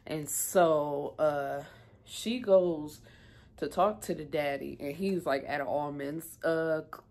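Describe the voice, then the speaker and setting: A woman's voice: sits low, steady tone, slow pace, a little mellow. A woman giving a chatty, rambling recap of a TV episode in casual talk, full of fillers. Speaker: TV episode reviewer.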